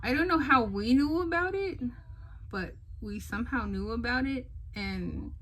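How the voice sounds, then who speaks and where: A young woman vlogger casually telling a personal story, animated, acting out what others said and using lots of fillers. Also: a little high, measured pace, rough recording. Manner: animated, re-enacts others' lines, many fillers.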